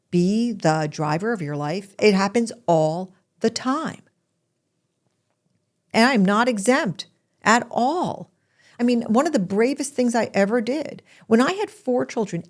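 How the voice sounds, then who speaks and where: A woman with a fairly low voice hosts a podcast and talks her listeners through stories from her own life. She confides in them openly and gets emotional, and she slips into playful voices when she quotes other people. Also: darkish tone. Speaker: podcast host. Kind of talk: personal storytelling monologue.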